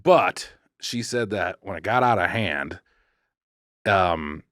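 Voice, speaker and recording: A man's voice: deep voice, lively intonation, slow, a bit bright, no echo, clean studio sound. A man co-hosting a podcast, telling a ghost story in a casual, rambling way, restarting sentences and cracking jokes as he goes. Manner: rambling, self-correcting, jokey. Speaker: podcast co-host. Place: podcast studio.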